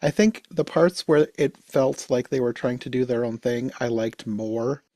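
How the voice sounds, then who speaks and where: A man chatting casually on a podcast, relaxed and hedging, often saying "like". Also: medium pitch, a little slow, no room sound. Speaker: podcast host.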